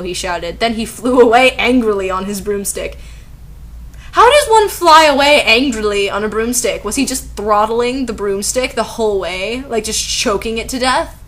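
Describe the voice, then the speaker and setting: A woman's voice: mid-range voice, moderate pace, fairly bright tone. A young woman giving a comedic dramatic reading with sarcastic, incredulous commentary. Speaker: video commentator.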